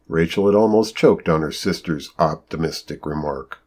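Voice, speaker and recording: A man reading a novel aloud as narrator, lifting his voice for the characters' lines. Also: normal speed. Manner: lively storytelling, raises pitch for quoted characters. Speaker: audiobook narrator. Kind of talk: scripted narration.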